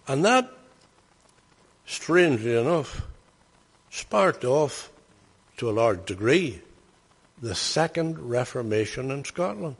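An older man preaches in a storytelling style. His husky voice slips into plain anecdote and then swells into emphatic bursts. The sound rings with the long reverb of a large hall. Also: medium pitch, sing-song, slow pace, long pauses. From Northern Ireland. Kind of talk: sermon storytelling.

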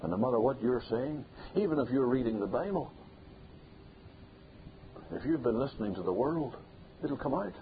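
Emphatic preacher, tinny recording. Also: male voice, mid-range voice, lively intonation, normal speed, pauses often. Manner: emphatic, repetitive, builds to loud peaks. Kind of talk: sermon. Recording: tinny phone-like sound with faint hiss.

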